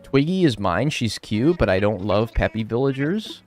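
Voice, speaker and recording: American dude streaming, super animated up and down voice, jokey, swears a lot. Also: male voice, medium pitch, moderate pace, soft background music. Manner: animated, joking, swears freely. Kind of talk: casual live-stream chat while playing a game.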